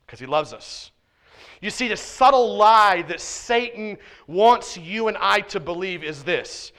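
A man preaching a sermon in a conversational way, swinging between loud emphasis and quiet, hushed asides. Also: high voice. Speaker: pastor. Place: church sanctuary.

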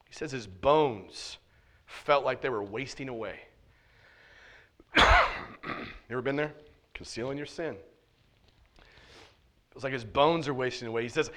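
A man preaching a sermon in a conversational way, swinging between loud emphasis and quiet, hushed asides. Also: medium pitch, lively intonation, normal speed, long pauses. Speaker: pastor. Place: church sanctuary.

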